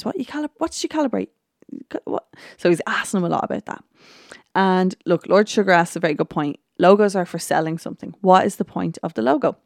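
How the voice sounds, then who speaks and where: A woman hosting a podcast, giving a casual, chatty recap of a TV episode and often filling pauses with "look" and "um". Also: fairly low pitch, creaky, darkish tone, dry recording, studio quality. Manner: chatty retelling full of "look" and "um". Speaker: podcast host.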